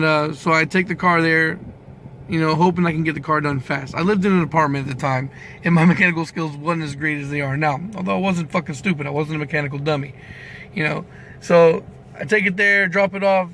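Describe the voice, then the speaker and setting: A young man vents in a ranting vlog, packing his talk with swearing and breaking off mid-sentence to start again. His voice sits a little high for a man. Faint noise hums behind him. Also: a bit bright. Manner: profane, heated storytelling with frequent restarts. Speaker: mechanic.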